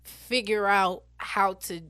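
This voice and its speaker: A woman in her twenties, an animated and blunt interview guest who swears freely. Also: medium pitch, slow pace, smooth, no echo. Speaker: interview guest, battle rapper. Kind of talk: casual interview chat.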